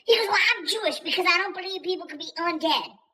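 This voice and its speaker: A man putting on a foul-mouthed old grandma who rambles through a comic story. Her voice sits high and swings widely in pitch. The tone is bright and sharp, and she curses freely and trips over her own words. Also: lively intonation, fast, full character voice, rough recording. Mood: rowdy, profane. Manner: profane, rambling, self-interrupting. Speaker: YouTuber.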